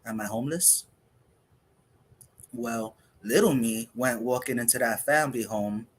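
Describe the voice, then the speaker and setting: A man, a poet of half Dominican and half Puerto Rican heritage who grew up in the United States, performing spoken word poetry in a measured, reflective way with pauses. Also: mid-range voice, husky.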